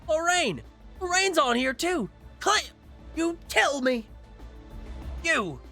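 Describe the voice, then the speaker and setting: A hotheaded young cop bellows demands in a high, bright, cutting voice, as a man reads him out. He swings wildly in pitch, all fury and no patience. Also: sing-song, takes it slowly, creaky, faint music behind, full character voice. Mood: furious. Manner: shouting, demanding. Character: furious young male cop, loud and hotheaded.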